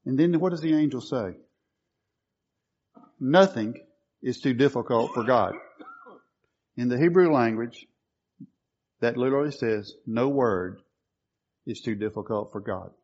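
A man's voice: medium pitch, darkish tone, lo-fi sound. Man preaching a scripture-quoting sermon. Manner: emphatic, quoting scripture with rising stress.

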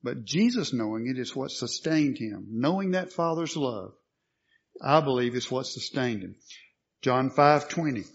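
A man's voice: mid-range voice, animated, measured pace, gravelly, breathy edge, dull audio. A man preaching a sermon, asking questions and answering them, with emphatic statements.

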